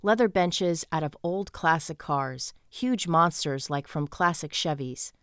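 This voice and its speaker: A woman narrating a romance audiobook in the first person with an even, storytelling delivery. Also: sits low, measured pace, smooth, no echo, clean studio sound.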